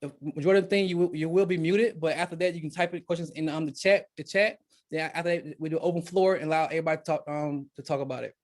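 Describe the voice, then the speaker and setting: Fast-talking man hosting a video call. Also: fairly high pitch, steady tone, a little mellow. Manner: rambling, restarts often. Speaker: event host. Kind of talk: casual live webinar hosting.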